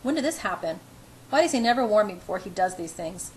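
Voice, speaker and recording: A woman's voice: medium pitch, big pitch swings, fast, darkish tone, a little hiss or hum, rough recording. A woman reading a novel in the first person, narrating her inner thoughts wryly, with small restarts. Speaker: audiobook reader.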